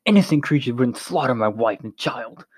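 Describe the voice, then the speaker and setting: A man reading a story, voicing a brawny, cruel male commander who talks in a loud, barking way. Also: medium pitch, lively intonation, moderate pace, dry recording, natural voice. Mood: cold menace.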